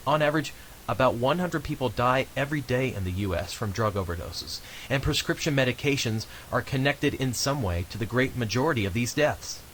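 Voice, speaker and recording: An actor voicing a calm male health official, giving measured, instructive advice in a scripted game voice-over. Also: mid-range voice, a little hiss or hum, lightly acted, poor audio.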